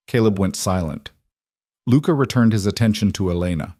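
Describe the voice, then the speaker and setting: A man narrating a scripted romance story in an even, steady delivery. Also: lowish voice, a little fast, no echo, studio quality.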